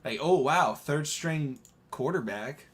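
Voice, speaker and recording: A man's voice: a little high, animated, takes it slowly, breathy edge. A man co-hosting a live stream, chatting casually about football, rambling and hesitant with frequent laughs. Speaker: podcast co-host.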